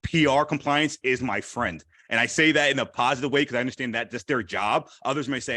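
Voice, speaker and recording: A man speaking candidly at a live event, animated and repeating phrases for emphasis. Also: mid-range voice, fairly quick, few pauses, no echo, studio quality. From Haitian heritage. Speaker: panel speaker. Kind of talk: candid personal talk.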